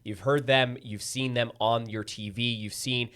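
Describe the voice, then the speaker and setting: A man's voice: medium pitch, fairly even intonation, unhurried, a bit bright, smooth. A man hosting a news talk show, chatting casually with frequent restarts and stammers. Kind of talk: casual studio chat.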